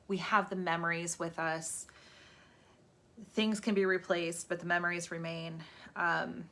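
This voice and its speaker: A woman's voice: lowish voice, bright, forceful tone. A woman hosting a live stream, giving a casual motivational talk in a chatty, rambling way and laughing at herself. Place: indoors, livestream. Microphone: phone or webcam on a live stream.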